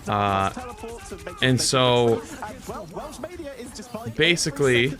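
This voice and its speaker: A man's voice: medium pitch, animated, very slow, music in the background. A male streamer tells a casual story to his viewers. He rambles, restarts his sentences and swears freely along the way.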